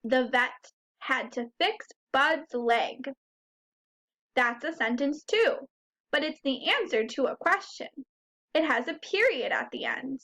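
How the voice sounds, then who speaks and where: A woman teaching a first grade phonics lesson, who sounds out words slowly and clearly and asks the children questions. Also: sits high, expressive, pushed and bright.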